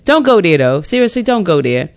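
A woman's voice: lowish voice, very animated, brisk, clean tone. A woman hosting a radio book club hour, chatting casually, laughing often and acting out little voices.

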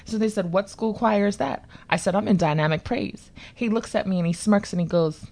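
Woman telling a funny story, animated, does little voices for people. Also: medium pitch, normal speed, creaky, hardly any pauses. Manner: lively, animated, acts out voices in her story. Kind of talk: storytelling chat.

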